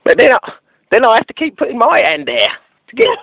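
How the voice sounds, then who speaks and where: A man doing a bumbling, oblivious oddball on a prank phone call, talking in a high, gravelly voice that swoops all over. He stammers and restarts his sentences and keeps a deadpan tone. His voice is dry and close to the mic. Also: no echo, full character voice. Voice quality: halting, stammering delivery. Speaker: prank caller.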